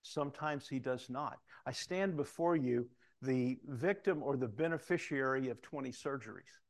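A man's voice: mid-range voice, normal speed. A middle-aged man preaching a sermon, telling personal stories and acting out the voices of people he quotes. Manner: storytelling, acts out voices in quoted lines.

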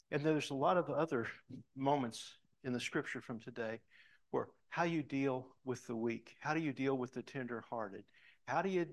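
Gravelly middle-aged preacher telling a story. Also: male voice, medium pitch. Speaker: pastor. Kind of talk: sermon with storytelling.

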